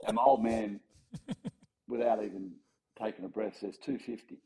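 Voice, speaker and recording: A man's voice: mid-range voice, unhurried, creaky, poor audio. A man in his forties with an Australian accent, telling a story as a guest in a casual podcast interview, acting out other people's lines and chuckling as he goes. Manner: animated anecdote-telling with quoted voices and chuckles. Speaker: former rugby league player, podcast guest.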